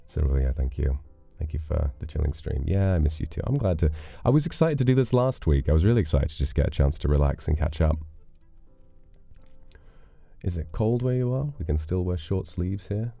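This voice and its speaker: A man's voice: very deep voice, brisk, vocal fry, dry recording, soft background music. A man hosting a livestream, chatting casually and playfully with viewers and thanking them for donations. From United Kingdom. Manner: relaxed, playful, chatty with dramatic flourishes. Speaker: livestream host reading donations. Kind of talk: casual chat.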